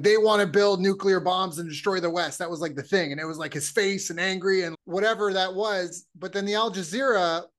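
Canadian male podcast host, high voice, animated storyteller who acts out quotes. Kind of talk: casual chat.

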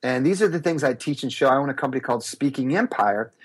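A man, a speaker and business coach, telling animated stories in an interview and acting out the voices of others. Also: medium pitch, quick pace, breathy edge. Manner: acts out voices and gasps, lively and expressive. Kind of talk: animated storytelling in a podcast interview.

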